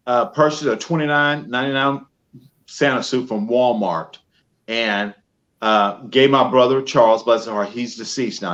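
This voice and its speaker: A man tells an animated story over a video call. The sound is a little dull and muffled. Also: mid-range voice. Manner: animated storyteller acting out quotes. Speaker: professional Santa guest. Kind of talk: storytelling interview answers. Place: home studio.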